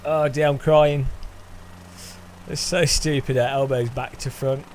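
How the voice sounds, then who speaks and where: A man's voice: medium pitch, flat delivery, a little slow, a little mellow, a little hiss or hum. A man hosting a gaming channel, chatting casually through his gameplay with cheeky jokes and frequent giggles. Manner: giggly, laughing often between remarks; cheeky, joking banter.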